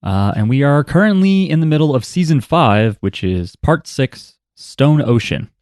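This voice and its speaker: A man's voice: medium pitch, very animated, moderate pace, darkish tone, no room sound. Guy hosting a podcast, jokey and rambly, swears a lot, dry close mic sound. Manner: joking, rambling, swears freely. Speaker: podcast host. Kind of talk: casual podcast chat.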